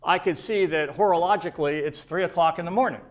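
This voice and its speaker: A man's voice: fairly high pitch, fast talker, lightly acted. A man telling a joke as a pompous show-off sidekick. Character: eager, self-important male sidekick showing off.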